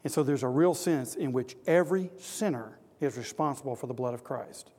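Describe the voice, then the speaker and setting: A man's voice: mid-range voice, brisk, darkish tone. Earnest preacher man in an echoey hall. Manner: earnest, exhorting, builds to emphatic repetition. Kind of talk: sermon.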